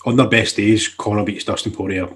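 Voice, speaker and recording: A man's voice: lowish voice, fairly even intonation, a little fast, fairly bright tone, slight background noise. A man co-hosting a podcast, laid-back and casually swearing in chat. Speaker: podcast co-host.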